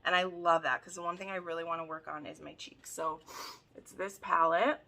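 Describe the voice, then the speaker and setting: A woman hosting a casual unboxing video, gushing and excitable, often gasping as she talks. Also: fairly low pitch, brisk, vocal fry. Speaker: book video host.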